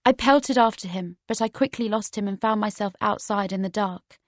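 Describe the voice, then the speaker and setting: A woman reading a first-person novel aloud as an audiobook narrator, steady and measured. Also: mid-range voice, no room sound.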